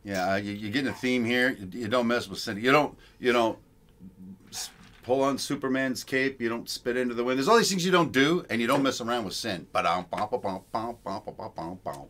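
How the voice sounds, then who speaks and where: A man's voice: mid-range voice, a little fast, a bit bright. A middle-aged man co-hosting a casual live stream with his wife, cracking puns and playful jokes. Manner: joking, punning, playful. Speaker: co-host, husband.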